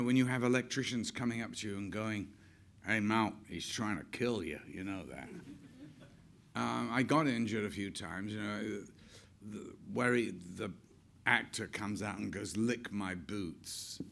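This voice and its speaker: A man's voice: fairly low pitch, measured pace, vocal fry, a bit bright. An older man, an actor, telling chatty anecdotes on stage with frequent laughs. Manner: chatty, laughs often, acts out quotes.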